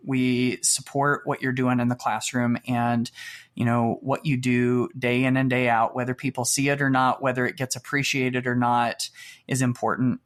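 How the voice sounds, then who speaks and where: A man co-hosting a podcast in relaxed casual chat, with many fillers and restarts. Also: mid-range voice. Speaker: podcast co-host.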